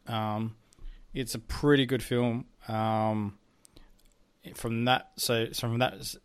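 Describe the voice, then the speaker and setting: A man's voice: medium pitch, level tone, takes it slowly, clean tone, dry recording. A young man co-hosting a podcast in casual chat, rambling with many ums and some swearing. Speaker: podcast co-host.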